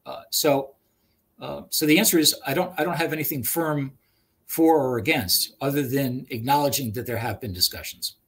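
A man working as a regional trail manager answers webinar questions over a video call, halting often with fillers and restarts. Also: medium pitch, a bit bright, breathy edge.

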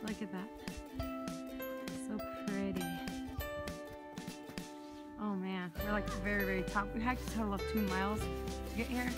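A woman's voice: mid-range voice, fairly even intonation, unhurried, long pauses, over music. A young woman filming a family vlog outdoors in the snow, chatting and laughing often as she jokes about her own complaining. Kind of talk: casual vlog chat. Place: outdoors on a snowy mountain.

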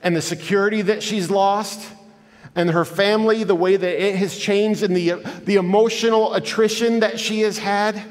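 A man speaks as a guest in a large church hall, giving an earnest, inspirational talk and telling stories conversationally to the audience, with the room sounding echoey. His voice is high, his intonation fairly even, and his pace moderate.

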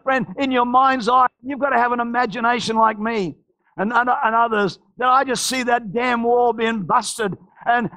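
A man preaching a charismatic church sermon, fervently shouting praises and repeating phrases. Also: very high-pitched, vocal fry. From Australia. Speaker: pastor. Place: church service.

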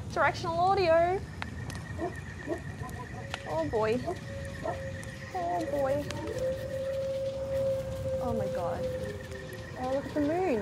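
A woman narrates her VR game session in a jumpy, excitable way, often talking to herself. Her fairly high voice swoops up and down a great deal. Noisy game sound plays under her voice. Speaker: VR gamer. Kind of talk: casual let's-play commentary.

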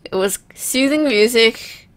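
A young woman casually commenting while playing a video game, chatty and self-mocking, now and then letting out loud whoops. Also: a little high, lively intonation, slow pace. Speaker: let's play gamer.

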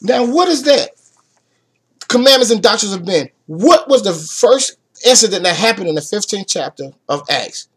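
A man with a high voice teaches scripture on an online talk radio show. He reads a passage aloud, then stops to ask rhetorical questions. His voice drops low for asides and rises for the points he wants to stress. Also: very animated, moderate pace, slightly rough. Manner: swings from soft asides to emphatic raised points. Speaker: Bible class teacher. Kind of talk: preaching Bible study.

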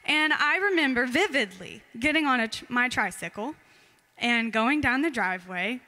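A woman's voice: a little high, animated, moderate pace, bright, forceful tone. A young woman giving an informal, chatty talk to a church congregation. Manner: chatty, giggly, loose with fillers. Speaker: church member giving a Father's Day talk.

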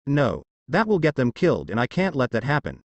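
A man voicing a calm, earnest young male ninja hero who protects the innocent, in a story narration. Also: medium pitch, a little fast, no echo, lo-fi sound.

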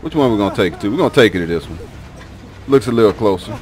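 A man's voice: fairly low pitch, expressive, racing. A man streaming a game live, playfully trash-talking his opponents in slang. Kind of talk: live gameplay commentary.

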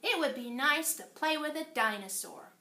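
A woman's voice: high-pitched, lively intonation, moderate pace, pushed and bright. A woman reading as an eager little boy. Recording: echoey room.

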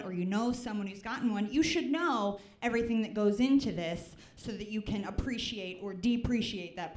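A woman's voice: on the high side, darkish tone. A young woman from the Midwest doing a stand-up set, chatty and self-deprecating, with lots of "like" and "right?". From American Midwest. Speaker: stand-up comedian. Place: comedy club stage before a live audience. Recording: roomy club sound.

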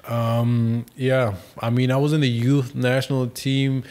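A man's voice: medium pitch, level tone, a little slow, darkish tone, slight background noise. A young man with a German accent, speaking English as a second language, talking casually as a podcast guest with many hesitations and restarts. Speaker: guest, professional soccer player.

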